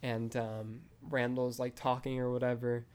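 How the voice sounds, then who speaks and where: A man's voice: medium pitch, level tone, measured pace, a little mellow, clean tone. A man hosting a film review podcast, retelling a scene in a casual, rambling way full of fillers.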